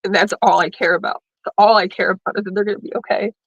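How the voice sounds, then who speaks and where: A woman's voice: medium pitch, steady tone, fast talker, a bit bright, husky, no room sound, muffled recording. A woman hosting a casual panel chat, emotional and teary, laughing between her words.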